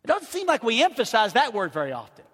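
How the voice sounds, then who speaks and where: A middle-aged pastor preaches in a high, bright voice that carries a long reverberant tail through the hall. He drops into soft, confiding asides, then climbs to loud, shouted peaks. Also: huge pitch swings, quick pace. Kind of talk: sermon.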